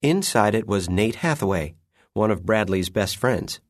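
A man narrating a children's story in an unhurried, expressive reading. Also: fairly low pitch, no echo, clean studio sound.

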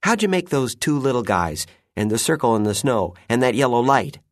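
A man's voice: mid-range voice, lively intonation, moderate pace, close to an everyday voice. A man reading a children's story aloud and voicing a skeptical boy who grumbles.

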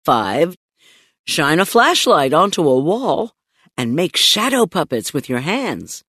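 A woman reading a children's audiobook with playful, animated storytelling. She takes her time, and her pitch swings widely from high to low. The sound is dry and close, from a studio mic. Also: slow pace, husky, no room sound. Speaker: audiobook narrator. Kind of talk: expressive audiobook narration.

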